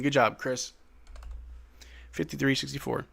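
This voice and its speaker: A man's voice: mid-range voice, lively intonation, brisk, vocal fry, a bit bright. A man hosting a live stream watch-along, calling plays casually and chatting with viewers in a drowsy, slangy way. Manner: laid-back, slangy, reads chat questions aloud. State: drowsy, yawning. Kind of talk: casual play-by-play and chat reading.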